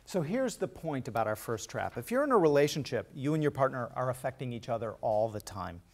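A man professor presenting a talk on relationship research in a clear, explanatory manner. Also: medium pitch, sing-song, a little fast. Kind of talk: scripted talk on couples' health.

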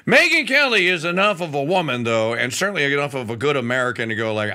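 A man hosting a political talk radio show, animated and full of stammering restarts, in a studio. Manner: animated, stammering restarts, quick pitch jumps.

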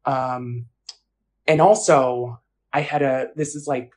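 A woman's voice: very deep voice, steady tone, takes it slowly, a little mellow. A woman telling her own story in an interview, casual and blunt, with frequent fillers. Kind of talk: personal account in an interview.

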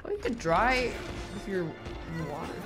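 A woman's voice: mid-range voice, normal speed. A woman streamer giving live gameplay commentary, yelping and swearing as the game goes on. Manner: excitable, yelps and swears at the game. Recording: game music under the voice.

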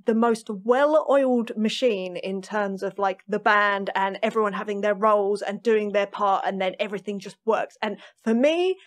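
A woman drummer, a podcast guest, telling stories in a lively, chatty way and laughing often. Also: mid-range voice, moderate pace, few pauses. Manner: animated storytelling, laughs often. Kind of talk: casual interview chat.

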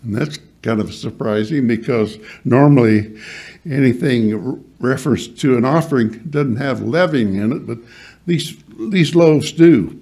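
Male pastor, unhurried delivery, slightly husky tone, halting sermon style with scripture reading. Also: mid-range voice, dark tone. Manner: halting, many restarts and fillers, reads scripture aloud; quizzes the congregation lightly. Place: church hall.

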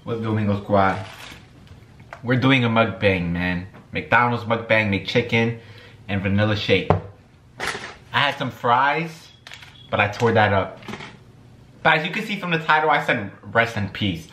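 A young man talks loosely in a bright, forward voice, full of slang and filler, while he eats at home. The room is echoey, and a faint hum sits behind him. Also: on the low side, lively intonation, a little slow, pauses often. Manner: laid-back slangy talk, full of "you know what I'm saying". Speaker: vlogger and musician. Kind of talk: casual mukbang chat while eating.

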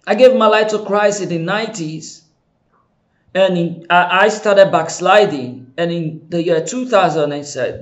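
High-voiced, slow-preaching male pastor. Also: lively intonation, lo-fi sound. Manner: impassioned preaching, swinging from soft pleading to shouting. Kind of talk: sermon.

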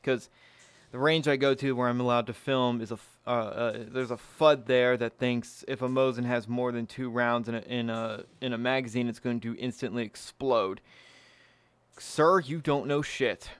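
A man's voice: mid-range voice, flat delivery, normal speed, clear, resonant tone, dry recording. A man hosting his own firearms channel, talking casually and bluntly to camera, swearing freely and pleased with himself. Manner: blunt, profane, self-satisfied.

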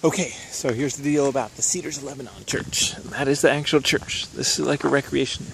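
A young man vlogging casually about his photo outings, chatty and quick to laugh as he walks and drives around the city. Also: medium pitch, fairly even intonation, vocal fry. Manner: chatty, laughs often, thinks aloud while walking and driving. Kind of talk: casual handheld travel vlog. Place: outdoors and in a car around a city. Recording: noisy outdoor street recording.

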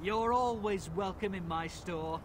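A man's voice: high voice, unhurried, slight background noise. A man voicing friendly shopkeepers in a fantasy video game, with a Liverpool accent. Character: male shopkeepers of a fantasy town.

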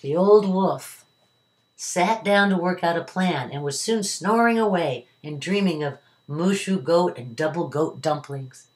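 A woman's voice: low-pitched, unhurried. An older woman, a retired teacher, reading a children's story aloud at home. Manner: warm, expressive reading to children.

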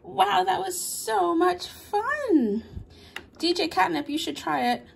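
A woman's voice: very high voice, slow pace, vocal fry, distant mic, heavily acted. Woman doing a bubbly little girl doll. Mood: excited. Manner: excited, playful toy play. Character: cheerful young girl toy doll. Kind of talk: toy play storytelling.

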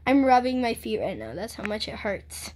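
A woman's voice: a little high, sing-song, moderate pace, darkish tone, a little hiss or hum. Dramatic young-sounding woman vlogging at home. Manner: playful and dramatic, complaining about pain. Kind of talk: casual vlog chat. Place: house, at home.

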